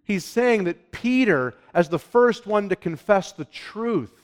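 A man preaching a sermon as pastor, emphatic, swinging from hushed lines to loud, urgent ones. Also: high-pitched, animated, unhurried.

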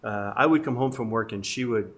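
A man's voice: fairly low pitch, fairly quick, a bit bright. A middle-aged man telling casual, self-deprecating stories about marriage and parenting, laughing often. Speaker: guest speaker. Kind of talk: casual storytelling about family life.

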